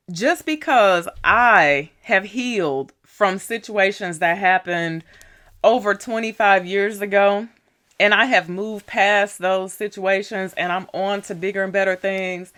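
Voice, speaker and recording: A woman speaks slowly in a slightly bright voice while casually telling a story on her vlog. Chatty and full of "you know" and "right?", she plays out the dialogue in a raised pitch when she's agitated.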